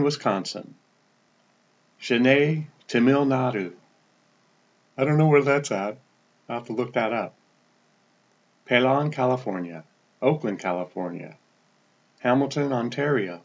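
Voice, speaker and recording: A man hosting a casual podcast update, reading out a long list of listener towns, each one falling in pitch at the end, and stumbling over the foreign names. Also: highs cut off. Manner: pitch drops at the end of each place name. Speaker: podcast host.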